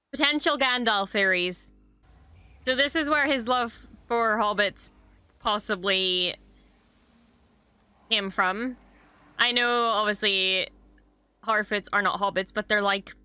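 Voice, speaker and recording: A woman's voice: on the high side, clear, resonant tone, no echo. Gushing young woman reacting to a show. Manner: expressive, swears casually, gushing. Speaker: reaction video host. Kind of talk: casual reaction commentary.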